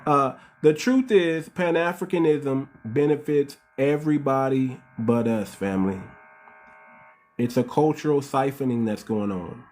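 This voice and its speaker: A man's voice: mid-range voice, a little slow, darkish tone. Man preaching on a livestream. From United States. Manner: preachy, repeats "family", asks rhetorical questions. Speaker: livestream host. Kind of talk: casual livestream commentary.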